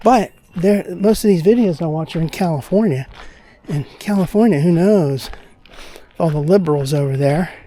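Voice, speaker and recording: A man from Pennsylvania rambles along in a relaxed, unhurried chat while out walking a trail, offering his opinions as they come to him. His voice is mellow and warm. A faint outdoor hush sits underneath. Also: a little high, slight background noise. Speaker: vlogger. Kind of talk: casual walking-vlog monologue.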